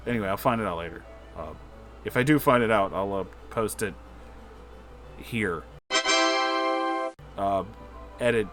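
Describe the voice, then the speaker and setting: A young man reading fan fiction aloud with sarcastic, mumbled asides and casual swearing. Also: lowish voice. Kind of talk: comedic dramatic reading with commentary.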